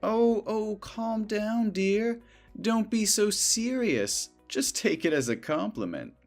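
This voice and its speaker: A sugary, wheedling coworker who will not take no for an answer, played by a man. He drawls slowly, his voice rising and falling with lively swings, while soft music plays underneath. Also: mid-range voice. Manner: sugary, wheedling, overly familiar. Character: clingy possessive male coworker, young adult. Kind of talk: scripted dialogue drama.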